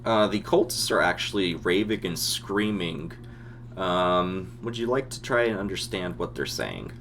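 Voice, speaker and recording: Casting: deep-voiced male game master, relaxed narration, faint hum behind. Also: measured pace. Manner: descriptive, relaxed, many ums. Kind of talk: narrating a tabletop role-playing game.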